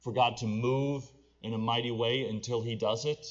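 A man preaching a sermon, swinging from low, quiet urging to loud, impassioned pleading. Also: steady tone, normal speed, dull audio.

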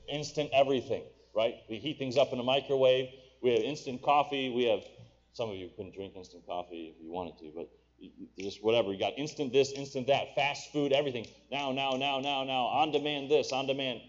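A man preaching a sermon, swinging from low, quiet urging to loud, impassioned pleading. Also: highs cut off.

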